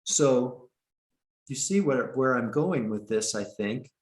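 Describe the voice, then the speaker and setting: A man teaching an online meditation class, speaking slowly and haltingly with many restarts, over a video call. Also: mid-range voice, expressive, reverberant. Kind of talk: online dharma talk.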